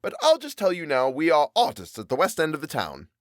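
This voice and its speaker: Dude playing a bragging tailor, loud-ish, swoopy, gossipy. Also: male voice, fairly high pitch, wildly swooping pitch, fairly quick, dry recording, studio quality, pitched above the performer's own voice. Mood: blustering. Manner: blustering, gossipy. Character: boastful chatty male tailor. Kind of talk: audiobook character voice.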